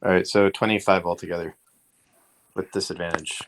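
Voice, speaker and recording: A man playing in a tabletop game, speaking haltingly and politely in character. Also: sits low, steady tone, gravelly. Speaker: player.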